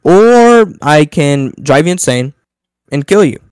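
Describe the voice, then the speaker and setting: A man's voice: fairly high pitch, sing-song, takes it slowly, darkish tone, clean tone, no echo, studio quality. A man voicing a laid-back, hungover male wine god who talks in a chill, bro-ish way. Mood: smug.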